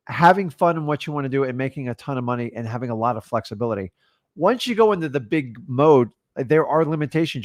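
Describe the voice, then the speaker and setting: A man's voice: on the high side, no room sound, clean studio sound. A man co-hosting a casual real estate chat, talking bluntly and handing out business advice. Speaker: real estate investor co-host.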